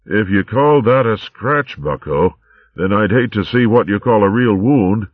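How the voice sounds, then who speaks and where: A man's voice: lowish voice, expressive, a little slow, no room sound, voice pushed up. A man doing a bluff, rowdy hare warrior. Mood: brisk, bossy. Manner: bluff, hearty, old-fashioned slang. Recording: tinny narrow-band recording.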